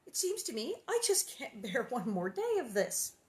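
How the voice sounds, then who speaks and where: A woman's voice: on the high side, big pitch swings, moderate pace, darkish tone. A woman reading aloud and voicing a tired, anxious pioneer mother. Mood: weary. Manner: pleading, anxious. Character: weary pioneer mother, worn down.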